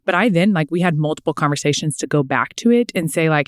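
A woman's voice: lowish voice, fast, hardly any pauses, no echo, clean studio sound. A young woman, a mother of small children, talking earnestly in a casual faith podcast and filling her speech with "like". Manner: earnest, frequent "like" fillers. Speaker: podcast co-host.

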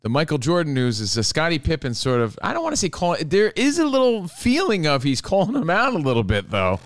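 A man's voice: fairly high pitch, huge pitch swings, a little fast, no echo. A man hosting a casual sports talk show, laid-back and sure of his opinions.

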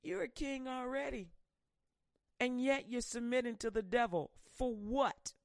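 A woman preacher delivering a fiery sermon, swinging between loud pushes and hushed warnings. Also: a little high, a little slow, creaky, dry recording.

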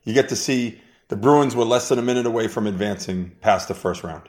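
A man's voice: lowish voice, fairly quick, darkish tone. A man from Boston with a Boston accent, a podcast guest, ranting bluntly and emphatically with plenty of swearing. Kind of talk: casual podcast chat.

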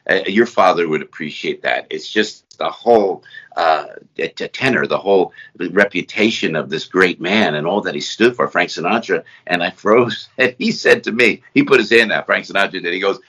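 A middle-aged man from New Jersey, a guest entertainer, telling rambling, animated anecdotes in conversation. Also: fairly low pitch, a little fast, breathy edge. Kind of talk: conversational storytelling. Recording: slightly dull lo-fi sound.

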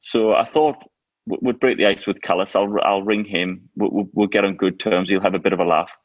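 Man, low voice, dry close sound, lively anecdotal co-host. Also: a little fast, no echo, dull audio. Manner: lively anecdotal storyteller, laughs often. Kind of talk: casual chat.

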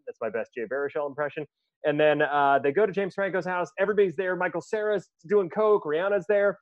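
A man co-hosting a casual podcast, recapping a film plot in an excited, rambling way with frequent laughs and restarts. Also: high voice, fast talker, no room sound, lo-fi sound. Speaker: podcast co-host.

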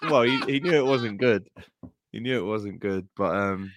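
A man's voice: on the low side, moderate pace, background noise. A man co-hosting a podcast in casual chat, enthusiastic and heartfelt, often calling his co-host "mate" and "bro". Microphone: podcast microphone.

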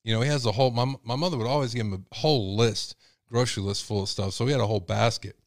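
A man's voice: mid-range voice, quick pace, dry recording, studio quality. A male host telling a rambling, folksy story in a casual monologue. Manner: rambling, folksy, many fillers.

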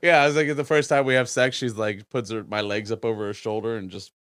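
A man's voice: on the low side, steady tone, fast, a bit bright, no room sound, studio quality. A man co-hosting a podcast, joking crudely with mocking asides and frequent laughs. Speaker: podcast co-host. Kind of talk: casual crude banter.

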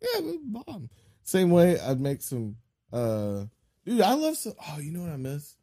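A man's voice: fairly high pitch, wildly swooping pitch, moderate pace, mellow. A man co-hosting a podcast in casual chat, joking, laughing often and swearing freely. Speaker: podcast co-host.

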